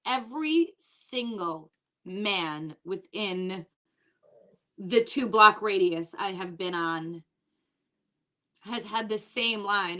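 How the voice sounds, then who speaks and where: A woman's voice: medium pitch, bright, forceful tone. A woman comedian doing a stand-up set from home, telling exasperated stories and quoting people. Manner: chatty, exasperated storytelling with quoted voices. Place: at home, online show.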